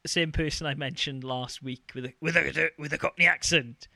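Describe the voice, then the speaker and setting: A man's voice: a little high, fairly even intonation, creaky, bright, forceful tone, dry recording, studio quality. A man, co-hosting a casual chat about video games, joking and bantering. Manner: jokey, quick to banter. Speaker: podcast co-host.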